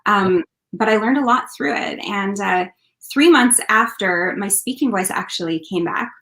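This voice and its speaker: A woman's voice: medium pitch, expressive, normal speed, a bit bright. Earnest woman telling her story. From Canada. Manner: earnest, heartfelt, many fillers. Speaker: country singer, interview guest. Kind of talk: casual interview storytelling.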